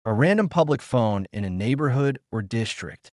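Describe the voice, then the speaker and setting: A man's voice: mid-range voice, lively intonation, moderate pace, darkish tone, no room sound, clean studio sound. A man narrating a suspenseful first-person story in a dramatic way, repeating phrases to build tension.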